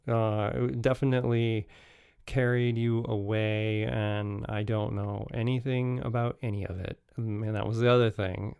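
A man casually telling travel stories as a podcast host, halting and restarting often, with frequent chuckles. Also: mid-range voice, creaky, darkish tone, smooth, no room sound, clean studio sound.

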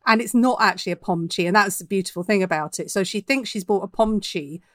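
A woman's voice: medium pitch, quick pace, fairly bright tone, dry recording, studio quality. A woman author talking about her writing in a podcast interview, chatty and reflective, laughing easily. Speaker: author guest.

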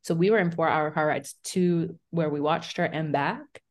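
Chatty woman hosting a podcast, lower voice. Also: moderate pace. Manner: animated storytelling, lots of "like" and acted-out quotes. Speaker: podcast co-host. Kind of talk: casual chat.

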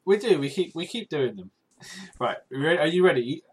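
A man co-hosting a casual podcast, teasing his friend with quick jokes and frequent giggles. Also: a little high, very animated, husky. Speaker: podcast co-host. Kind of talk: casual banter.

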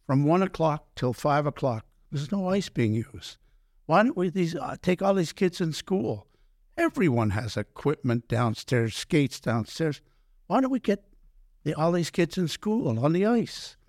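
An older man, a former pro hockey player telling animated stories in an interview, acting out quoted dialogue and often restarting his sentences. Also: a little high, a little slow, dry recording, clean studio sound. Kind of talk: storytelling in a podcast interview.

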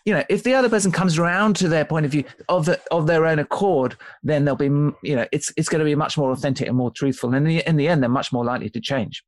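A man's voice: fairly high pitch, quick pace, hardly any pauses, no echo. Man explaining with restarts, dry close sound. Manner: thoughtful, explains with many restarts and "right?" checks. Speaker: author and guest. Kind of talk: conversational podcast interview.

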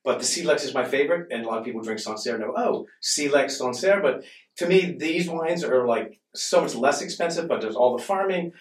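Animated, cursing man from Boston. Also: medium pitch, fast talker. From Boston, USA. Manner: animated, frequent swearing. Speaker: podcast guest, wine expert. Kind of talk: casual conversation. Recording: roomy, distant mic.

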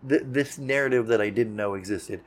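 A man's voice: medium pitch, brisk. A male podcast host chats loosely with his guest. He rambles, swears without a second thought, laughs often and stops to search for the right word. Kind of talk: casual interview chat.

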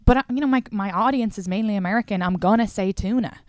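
A woman's voice: mid-range voice, quick pace, no room sound. An Irish woman, a young adult comedian, hosting a podcast in a chatty, storytelling way full of "like" fillers. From Ireland. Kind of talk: casual chat.

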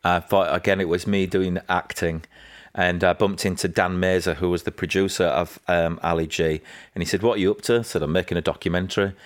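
Yorkshire guy on a podcast, lowish voice, animated storyteller doing little voices for quotes. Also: fairly quick. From England. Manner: animated anecdotes, acting out quotes with raised pitch. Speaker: guest. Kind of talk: casual interview storytelling.

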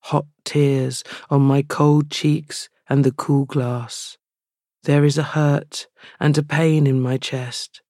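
A woman, a novelist reading her own prose slowly and then chatting with quick laughter. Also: low voice, warm tone, no echo, clean studio sound. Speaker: novelist guest. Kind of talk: reading aloud and casual chat.

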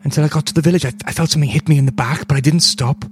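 A woman voicing a shaken, bedridden young village woman in a put-on Welsh accent, halting and repeating her words. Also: deep voice, a little hiss or hum, natural voice.

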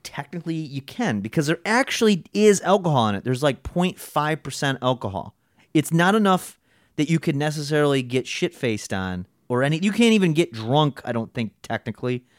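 A man's voice: a little high, sing-song, brisk, dry recording, clean studio sound. A man chatting casually as a podcast co-host, telling stories with lots of swearing and acting out other people's voices. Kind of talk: casual storytelling chat.

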